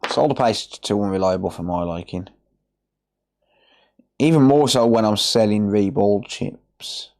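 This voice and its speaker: A man's voice: lowish voice, a little slow, long pauses, darkish tone. An English man, an electronics repair technician, chatting casually to viewers while working on a livestream, rambling and answering them by name.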